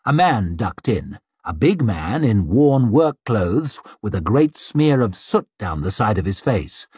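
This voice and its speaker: A man's voice: fairly low pitch, sing-song, unhurried, a little mellow, breathy edge, dry recording, clean studio sound. A man narrating an audiobook expressively, slipping into a character's sneering inner voice.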